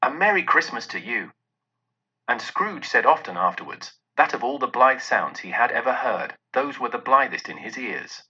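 A man reading a classic story aloud in expressive scripted narration. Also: medium pitch, moderate pace, hardly any pauses, husky. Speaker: audiobook narrator. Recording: dull lo-fi recording.

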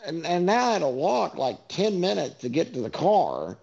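A man's voice: a little high, big pitch swings, moderate pace, creaky, a little mellow. A man telling stories in a casual, rambling monologue, full of fillers and swearing. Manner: rambling storyteller, many fillers, profane asides. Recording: dull lo-fi recording.

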